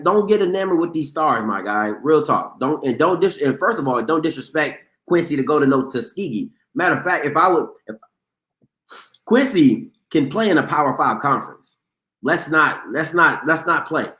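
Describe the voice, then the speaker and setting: Animated slangy man hosting sports talk. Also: fairly high pitch, echoey room. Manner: animated, emphatic, slangy, repeats himself. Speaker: host of a live sports talk show. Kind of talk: casual sports commentary.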